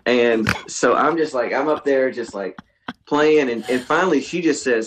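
A man's voice: mid-range voice, moderate pace, slight background noise, rough recording. A man telling a long story in casual chat, acting out the voices of the people in it. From Texas. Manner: animated storyteller, acts out voices of people in his stories. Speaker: guest musician.

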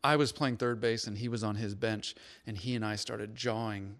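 A man's voice: fairly low pitch, steady tone, normal speed, fairly bright tone, dry recording. A man hosting a podcast, chatting casually and telling stories on himself with easygoing humor. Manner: easygoing, self-deprecating storyteller. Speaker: podcast host.

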